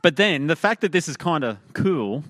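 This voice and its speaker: A man preaching a sermon in a conversational way, often pausing with "uh". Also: on the high side, sing-song, a bit bright, dry recording, studio quality. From Australia. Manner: conversational, with frequent "uh" fillers. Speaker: pastor.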